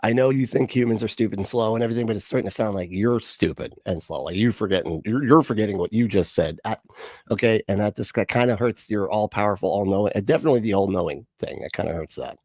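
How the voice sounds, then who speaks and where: A man hosting a livestream reacts to a clip with sarcastic, rambling commentary, full of fillers, restarts, frequent laughter and casual swearing. His voice is fairly low and a little mellow, he talks quickly, and the studio-quality sound has no echo.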